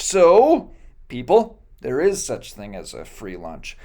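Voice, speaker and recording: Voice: medium pitch, big pitch swings, a little slow, darkish tone. Pastor telling a Bible story casually. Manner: casual storytelling with joking asides; many fillers and self-corrections. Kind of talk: sermon retelling a Bible story.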